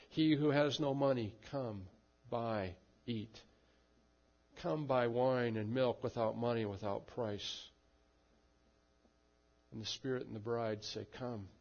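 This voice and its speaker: Slow, measured male preacher. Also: medium pitch, gravelly, muffled recording. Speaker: pastor. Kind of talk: sermon and closing prayer.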